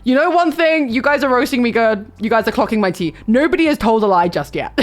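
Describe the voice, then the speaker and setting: A young woman talks to her livestream chat in an animated, swinging voice. She swears freely and reads comments aloud between stories. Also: medium pitch.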